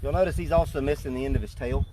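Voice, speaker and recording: A man keeping alligators, explaining them in a relaxed, joking way during an outdoor feeding demonstration. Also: medium pitch, racing. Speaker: alligator park keeper. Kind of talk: casual live animal feeding demonstration. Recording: noisy outdoor recording.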